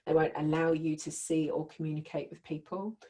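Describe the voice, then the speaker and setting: A woman's voice: deep voice, flat delivery, brisk, dark tone. A woman teaching a live group in a conversational way, often checking in with her listeners. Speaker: workshop leader.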